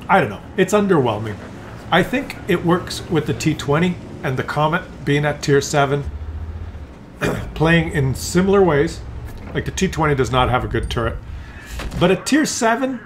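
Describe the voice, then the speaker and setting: A man casually commentates a tank battle replay, chatting to his viewers and teasing the player he watches. His voice sits a little high for a man. A faint hiss of background noise runs under the recording. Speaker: game commentator.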